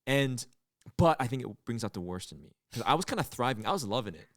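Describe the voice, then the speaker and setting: A young man co-hosting a comedy podcast, chatting casually and telling stories. His pitch swings widely, and he acts out loud outbursts as he goes. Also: very animated, fast talker, no echo, studio quality. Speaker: podcast co-host.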